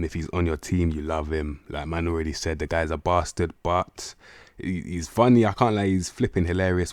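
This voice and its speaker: Very deep-voiced young man. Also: no room sound. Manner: relaxed slang-heavy chatter, drawn-out asides. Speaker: gaming YouTuber. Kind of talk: casual commentary over a football management game.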